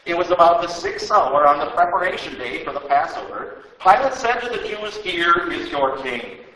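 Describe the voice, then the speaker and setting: A man giving a dramatic, expressive reading of scripture. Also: high-pitched, a little fast, far from the mic. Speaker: reader. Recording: roomy sound, away from mic.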